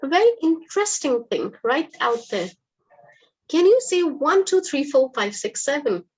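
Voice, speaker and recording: Woman online teacher, raised pitch, upbeat and coaxing audience answers. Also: big pitch swings, moderate pace. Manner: upbeat, encouraging, quizzes the audience. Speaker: English teacher hosting a webinar. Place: online webinar.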